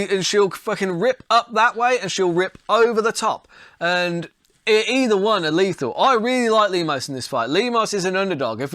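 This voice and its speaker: A young man hosting a fight-betting show, talking casually and profanely, thinking out loud as he goes. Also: sits high, dry recording, clean studio sound. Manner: profane, chatty, talks himself into things. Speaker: podcast host, fight tipster.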